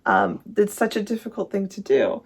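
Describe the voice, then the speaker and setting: With a creaky, slightly breathy mid-range voice, this music vlogger keeps a moderate pace and fairly even intonation. They ramble casually through a ranking of songs, correct themselves often, and gush over their favorites.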